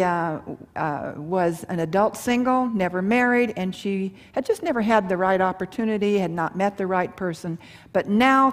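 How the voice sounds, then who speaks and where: A middle-aged woman giving a live seminar on marriage and communication, talking folksy and animated, with rhetorical questions and acted-out quotes. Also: mid-range voice. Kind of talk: seminar talk to a live audience. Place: large hall or church with an audience. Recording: live hall with long reverb.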